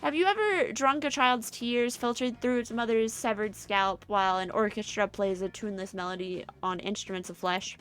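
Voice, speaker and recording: A woman voicing a cheerful eldritch horror schoolgirl who gushes excitedly and stammers when flustered. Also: mid-range voice, normal speed, hardly any pauses, slight background noise, lightly acted. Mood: chirpy. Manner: gushing and excitable, stammers happily.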